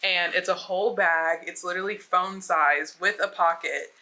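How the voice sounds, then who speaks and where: Chatty woman with a low voice. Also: fairly even intonation, moderate pace, pushed and bright. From United States. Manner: bubbly, chatty, lots of "like" fillers. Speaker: vlogger. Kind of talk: casual unboxing chat.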